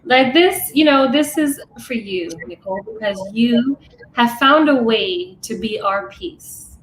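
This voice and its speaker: A woman from Uganda, a wellness coach guest, talking softly and earnestly and reading a heartfelt affirmation. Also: on the high side, expressive, a little slow. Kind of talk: interview chat and read affirmation. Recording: echoey room with faint background noise.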